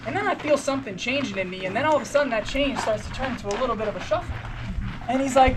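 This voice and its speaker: A woman's voice: a little high, expressive, very fast. A young woman giving a motivational talk to runners at a race event, telling a story and acting out the dialogue with casual slang. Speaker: motivational speaker at a race briefing. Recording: noisy outdoor ambience.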